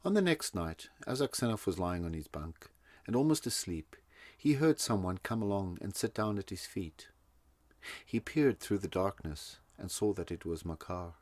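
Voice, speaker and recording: A man narrating a classic short story in a measured, steady manner. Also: deep voice, no room sound. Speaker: audiobook narrator. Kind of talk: scripted narration.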